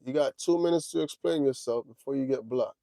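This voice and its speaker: A man in his forties hosts a trucking livestream, chatting casually and directly with his viewers and drawling "man" and "y'all." His mid-range voice is brisk and mellow with some vocal fry, and the recording has no echo.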